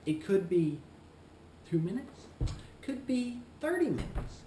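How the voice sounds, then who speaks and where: A man playing a smug, self-important male shoe store clerk in a comedic vlog monologue, talking in a deliberate, condescending way. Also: high voice, very animated, dark tone, a little hiss or hum, exaggerated voice. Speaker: shoe store employee character. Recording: roomy echo, faint ambience.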